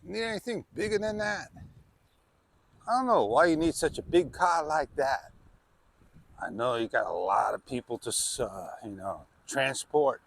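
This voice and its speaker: A man's voice: medium pitch, lively intonation, unhurried, creaky, a bit bright, a little hiss or hum. A man vlogging outdoors on a wireless clip-on mic, rambling casually and exclamatory, often tossing in "man". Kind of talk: casual rambling vlog talk.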